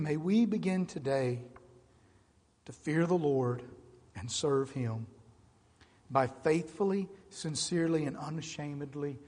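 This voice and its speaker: A middle-aged male pastor preaches with passion, moving from quiet, measured stretches to loud, emphatic appeals. His voice sits slightly high for a man, and it echoes with a long reverb through a large church sanctuary.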